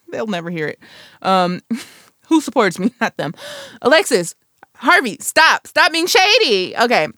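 A woman's voice: fairly low pitch, dry recording, clean studio sound. A woman in her twenties hosting a solo podcast, chatting casually and playfully with self-mocking asides. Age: 20s. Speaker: podcast host.

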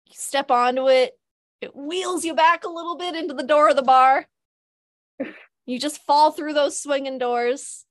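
Slow high-voiced woman game master. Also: steady tone, no room sound, studio quality. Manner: hesitant, filler-heavy narration. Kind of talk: narrating a tabletop game.

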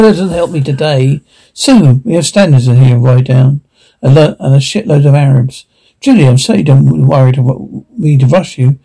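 Brief: male reader, husky and dark-toned, voices all roles and reads the cues aloud. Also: a little high, poor audio. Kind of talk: reading out film scenes, all parts.

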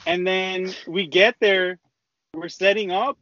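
A man's voice: sits high, takes it slowly, sharp tone. Young man telling a profane story. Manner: rambling, profane, slangy storytelling. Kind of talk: casual chat. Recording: dull lo-fi dry recording.

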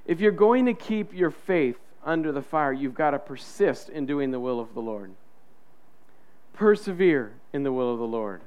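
A man's voice: medium pitch, lively intonation, moderate pace, a little mellow, smooth, muffled recording. A man preaching a sermon as pastor, in a conversational way, acting out the inner voices of the people he describes.

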